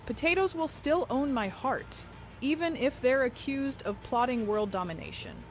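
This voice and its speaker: Ai lady voice w/ a minnesotan accent, kinda high, super chirpy and folksy, faint music behind. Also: big pitch swings, normal speed. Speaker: AI chat voice answering viewer questions. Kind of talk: scripted text-to-speech replies.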